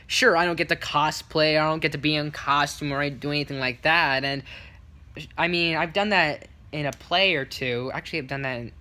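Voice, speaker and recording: A man tells a casual story to his vlog audience, his voice bright and forward. He rambles, restarts and fills gaps with "like," then livens the retelling by putting on the voices of the people in it. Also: a little high. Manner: rambling, full of restarts and fillers; lively retelling with quick quoted voices. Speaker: vlogger.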